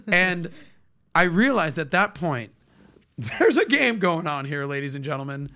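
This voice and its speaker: A male podcast host in casual chat, talking in a somewhat high, gravelly voice. His pitch swings widely as he tells stories, and he breaks into loud, high impressions of the people in them. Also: unhurried. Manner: animated storyteller, acts out quotes in loud high voices.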